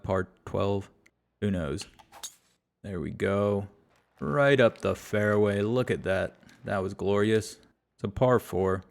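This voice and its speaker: A man's voice: on the low side, creaky. A man giving exasperated, self-deprecating play-by-play commentary while playing a golf video game. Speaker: gaming YouTuber.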